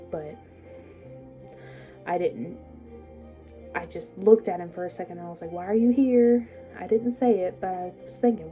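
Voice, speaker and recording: A young woman with a lowish, mellow voice tells her life story in a halting, hesitant way, full of pauses and restarts. At times she sinks into a soft, breathy near-whisper. Faint music plays underneath. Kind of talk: personal storytelling to camera.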